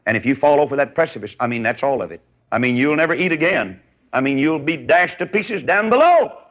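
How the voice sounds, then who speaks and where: A man's voice: on the high side, lively intonation, fairly quick, fairly bright tone, highs cut off. A man voicing a wise, protective mother eagle who gives firm warnings. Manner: firm, cautioning.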